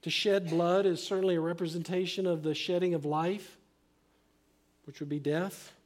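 A middle-aged man preaching a sermon as pastor, earnest and emphatic, often dropping to a hushed, slow delivery. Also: high-pitched, steady tone.

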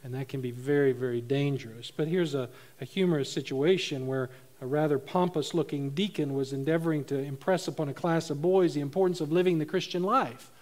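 A man's voice: fairly high pitch, a little fast, few pauses, a little mellow. A middle-aged man preaching a sermon, telling funny stories and laughing at his own jokes. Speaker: pastor.

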